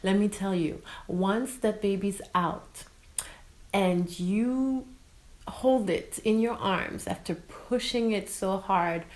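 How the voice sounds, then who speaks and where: A French woman in her thirties, speaking with a French accent, chats expressively to her vlog audience as a mother and drops in French words. Her voice sits at a medium pitch and she takes her time. The recording is low quality with a lot of reverb.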